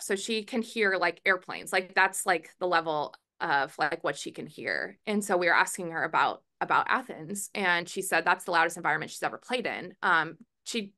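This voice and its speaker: A woman softball head coach answering reporters at a press conference, chatty, with many fillers and restarts. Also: lowish voice. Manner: calls herself a verbal, loud coach. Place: press room.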